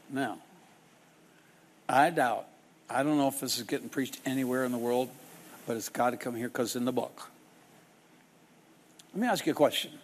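A man preaches a sermon, his voice rising and falling with lively swings in pitch. He is dramatic and stops now and then to act out the people in his stories. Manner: dramatic, acts out quoted people in shifting voices.

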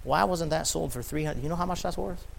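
A man voicing a resentful, greedy male disciple in a low, muttering grumble. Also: fast, creaky. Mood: grumbling.

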